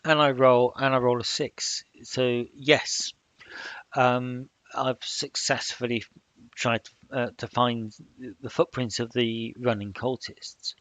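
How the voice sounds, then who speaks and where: A man narrating his solo tabletop game, in a halting manner with many fillers. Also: medium pitch, little pitch movement, a bit bright, dry recording. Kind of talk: solo role-play narration.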